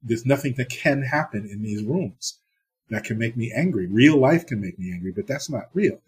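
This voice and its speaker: A man's voice: mid-range voice, expressive, normal speed, a little mellow, slightly rough. A middle-aged TV producer from the US East Coast, telling blunt, profane stories in a casual interview and acting out the exchanges he quotes.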